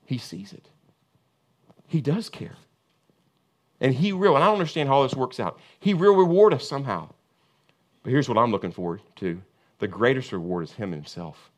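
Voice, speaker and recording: A man's voice: expressive, a little fast. Impassioned man preaching a sermon. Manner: preaching with big swings from booming emphasis to hushed intensity; impassioned, repetitive cadence. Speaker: pastor.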